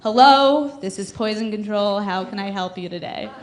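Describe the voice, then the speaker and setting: A woman voicing a bored, rude man answering calls at a poison control line, speaking flat and dismissive, pitched well below her own voice. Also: normal speed, some chatter behind, close to an everyday voice.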